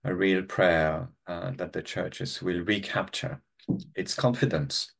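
A man leading a church prayer meeting over a video call, talking in a halting, reflective way with many restarts. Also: deep voice, fairly even intonation, vocal fry, fairly bright tone, breathy edge.

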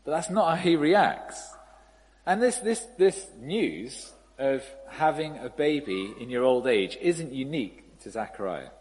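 A man preaching a sermon in a relaxed, conversational storytelling manner. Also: medium pitch, unhurried. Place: church. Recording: reverberant hall, faint ambience.

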